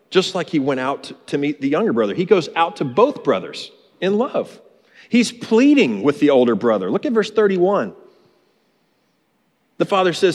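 Brief: male pastor mid-sermon, mid-pitched, emphatic and earnest, long reverb of a large hall. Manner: earnest, emphatic, repeats key phrases.

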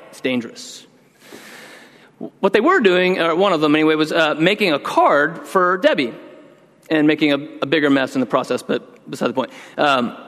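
Middle-aged guy preaching, kinda high voice, big echoey church, tells lively family stories. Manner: storytelling, animated, acting out scolding his kids. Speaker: pastor. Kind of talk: sermon. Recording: long reverb of a large hall.

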